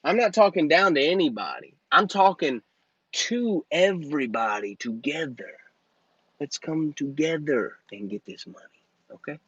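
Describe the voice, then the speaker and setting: A man's voice: mid-range voice, fairly bright tone, dry recording, lo-fi sound. A man in his thirties hosting a live Q&A as a business coach, talking in a brash, joking, motivational way into a phone. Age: 30s. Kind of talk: live Q&A stream.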